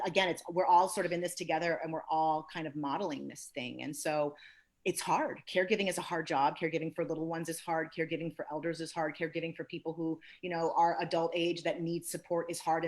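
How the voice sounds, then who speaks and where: A woman therapist speaking on a panel discussion, expressive and acting out encouraging and critical inner voices. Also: sits low, fast talker.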